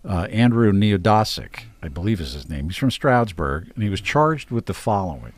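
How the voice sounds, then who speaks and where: A man co-hosting a casual podcast, a lively storyteller who laughs often. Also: fairly low pitch, moderate pace, no echo. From Pennsylvania, United States. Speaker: podcast co-host. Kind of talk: casual chat.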